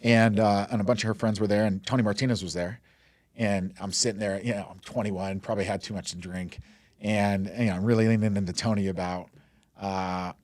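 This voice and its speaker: Heard on a dry recording, a man in his forties from Denver, USA, speaks a little fast with a lowish voice and a steady tone. He's a mortgage lender appearing as a guest in a casual storytelling interview, rambling freely, peppering his speech with "like" and "you know," and laughing often.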